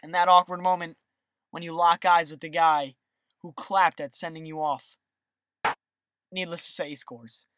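A young gamer giving excitable gameplay commentary over a football video game, swinging between hype and annoyed rants. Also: mid-range voice, moderate pace, pauses often, background noise. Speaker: gaming video host.

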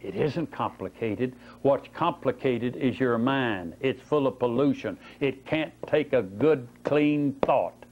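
A man preaching a Bible-study sermon, telling folksy stories and asking rhetorical questions. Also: medium pitch. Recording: dull lo-fi tape recording.

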